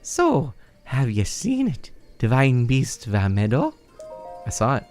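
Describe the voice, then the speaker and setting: A man voicing an eager young male bird-folk villager who complains in a high, excitable put-on voice. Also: takes it slowly, soft background music. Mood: whiny. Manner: complaining, whiny.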